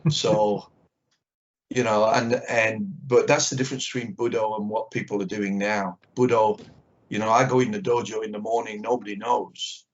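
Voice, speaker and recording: A man's voice: fairly low pitch, little pitch movement, moderate pace. An older man, a karate teacher, speaking bluntly and with strong opinions as an interview guest on a video call. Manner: blunt and opinionated, acts out little exchanges. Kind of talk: candid conversation. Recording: dull lo-fi video call audio.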